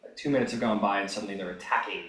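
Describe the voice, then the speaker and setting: A man's voice: on the low side, racing, fairly bright tone. A man running a tabletop game as game master, thinking aloud and apologizing as he juggles things. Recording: roomy mic with faint noise.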